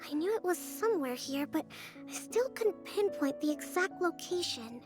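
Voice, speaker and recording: A composed young priestess from a video game. Her voice sits very high and light, yet her delivery stays soft, measured and gentle. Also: expressive, music in the background. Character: calm young female priestess and strategist.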